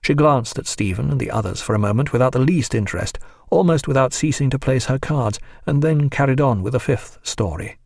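A man narrating a novel in a measured, even audiobook reading. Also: mid-range voice, creaky, no room sound, studio quality. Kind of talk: scripted narration.

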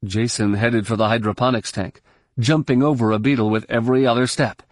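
A man reading scripted narration for an audiobook in a measured, steady storytelling manner. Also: medium pitch, dry recording, clean studio sound.

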